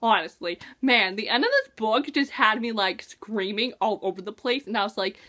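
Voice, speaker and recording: A young woman vlogging a casual book review, gushing and excitable, full of "like" and "oh my gosh". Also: medium pitch, moderate pace.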